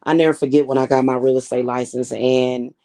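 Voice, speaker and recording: A woman's voice: a bass voice, level tone, brisk, mellow, dry recording. A woman hosting a casual livestream as a spiritual reader, telling stories in a blunt, profane and emphatic way.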